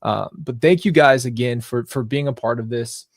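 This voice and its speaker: A young man hosting a podcast, thanking his viewers in a heartfelt, halting way with many restarts, and getting close to tears. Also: mid-range voice, dry recording. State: emotional, near tears. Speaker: podcast host. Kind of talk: live podcast sign-off to viewers.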